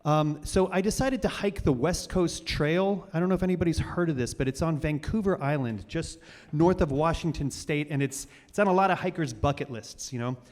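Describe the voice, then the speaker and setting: Rambling storyteller man, higher voice. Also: brisk, darkish tone. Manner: rambling, self-deprecating, many fillers and restarts. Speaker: storytelling show host. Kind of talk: live storytelling to an audience. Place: stage of a cultural center hall. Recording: reverberant live hall.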